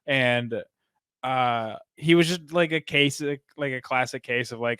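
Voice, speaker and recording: A male comedian guests on a podcast, rambling with animated energy and plenty of filler words. His voice is bright and forceful at a middle pitch. The sound is dry and close. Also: a little slow, clear, resonant tone, no room sound. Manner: rambling, animated, heavy use of "like". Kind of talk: casual chat.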